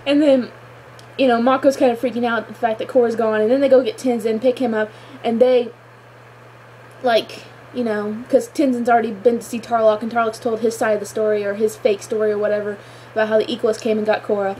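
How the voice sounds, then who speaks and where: A woman's voice: fairly high pitch, level tone, fairly quick, mellow, slight background noise, rough recording. A woman reviewing a show episode in a gushing, exclamatory chat full of filler words. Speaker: fan reviewer.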